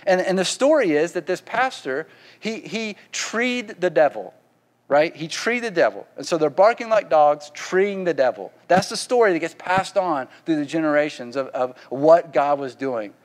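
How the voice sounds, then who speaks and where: A man's voice: fairly high pitch, lively intonation, normal speed, in a large hall. A man with a Southern accent preaching a sermon in a folksy, conversational way, often asking the congregation questions. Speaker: pastor.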